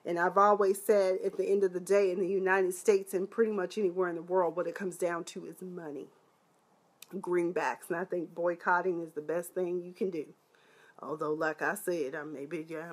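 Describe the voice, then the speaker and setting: A woman reviewing a TV episode in a casual live chat, animated and sassy, with lots of exclamations. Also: on the low side. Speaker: TV show reviewer.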